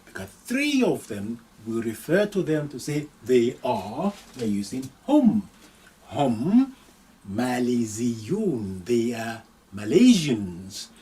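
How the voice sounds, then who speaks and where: A male Arabic teacher gives a live lesson, his voice rising and falling in a lively way as he stresses words. He reads slowly and carefully, repeating each phrase and then translating it. He sounds set back from the microphone. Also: medium pitch, far from the mic, rough recording. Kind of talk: live online language lesson.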